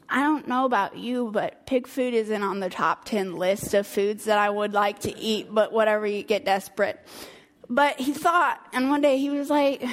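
A woman casually retelling a Bible story in a chatty, animated way. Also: fairly high pitch, moderate pace. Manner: chatty, animated, laughs between lines.

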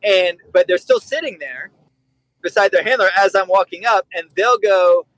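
A man who trains dogs, talking over a remote call in a lively, emphatic way and acting out what people say. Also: high-pitched, moderate pace, no room sound, rough recording. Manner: animated, acts out quoted voices and swears for emphasis. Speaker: dog trainer. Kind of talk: casual conversation.

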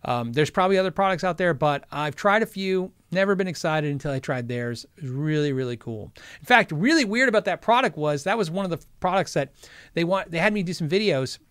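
A man's voice: on the high side, expressive, fairly quick, a bit bright, smooth, dry recording, clean studio sound. A man hosting a guitar gear livestream, chatting casually and rambling through viewer questions with jokes and self-interruptions. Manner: rambling, chatty, frequently sidetracked. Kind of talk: casual chat answering live chat.

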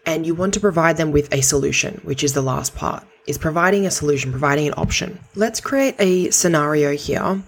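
A woman's voice: low-pitched, brisk, hardly any pauses. A woman hosting a podcast, giving direct, practical coaching advice in a conversational way and swearing casually now and then. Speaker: podcast host.

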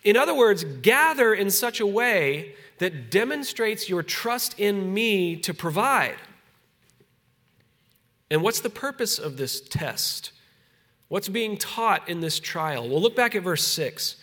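A man preaching a conversational sermon as pastor, easing soft and slow on solemn points. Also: sits high, big pitch swings.

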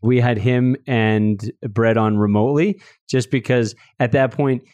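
A man's voice: medium pitch, fairly even intonation, a little slow, darkish tone, no room sound, highs cut off. A man hosting a podcast, chatting and teasing his guest in a casual interview. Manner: joking, teasing. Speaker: podcast host.

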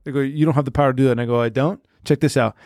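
A man rattles off absurd what-if scenarios at a quick clip for a casual comedy podcast, tacking "right?" onto line after line. His voice sits close and dry on the mic, with no room sound around it. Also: mid-range voice, fairly even intonation, darkish tone, no room sound. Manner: spins absurd hypotheticals, lots of "right?". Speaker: podcast co-host.

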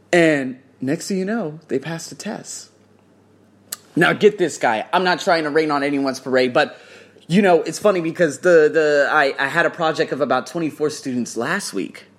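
Animated, swearing man telling a story. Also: a little high. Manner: animated, swears freely, acts out quotes. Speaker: English test tutor. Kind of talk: casual storytelling vlog.

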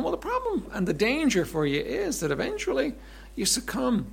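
Animated, high-pitched male pastor preaching. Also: a little fast. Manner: conversational, repeats words, clears throat often; swings between emphatic rises and soft asides. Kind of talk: sermon.

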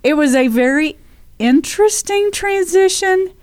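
A woman's voice: very high-pitched, lively intonation, unhurried, darkish tone, no echo. A woman raised in England with an American accent, co-hosting a podcast and telling stories in a bantering, chatty way. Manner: bantering, storytelling. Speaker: podcast co-host. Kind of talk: casual chat.

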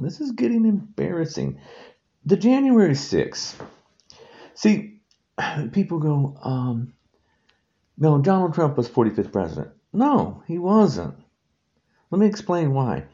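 Casting: male solo podcast host, indignant and repetitive, lively pitch, mellow dark tone. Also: lo-fi sound.

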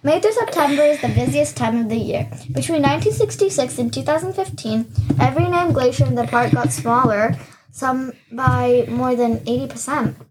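A young woman with a high voice hosts a playful home podcast, teasing and bossing her friend around. The recording carries a clear hiss of background noise. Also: moderate pace. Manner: teasing, bossy, giggly. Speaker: podcast co-host. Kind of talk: playful kids' podcast banter.

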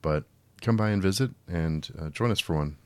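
Male podcast host, very low voice, casual exasperated film talk. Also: normal speed, dry recording. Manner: conversational, frequent restarts, exasperated. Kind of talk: solo film review podcast.

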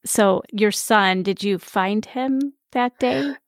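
A woman hosting a faith podcast, gently summarizing her guest's story and prompting questions. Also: mid-range voice, slow pace, no echo, clean studio sound. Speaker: podcast host. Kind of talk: interviewing a guest.

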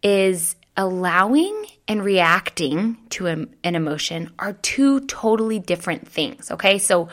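Chatty woman podcast host, lowish voice. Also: a bit bright. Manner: chatty, conversational, frequent "you know" and "right?". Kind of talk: unscripted solo podcast talk.

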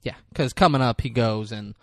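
A man's voice: medium pitch, moderate pace, no echo. A man casually recapping a film on a podcast, acting out the characters' lines and swearing often. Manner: animated storytelling, acts out characters' lines, swears a lot. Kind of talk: casual profane chat.

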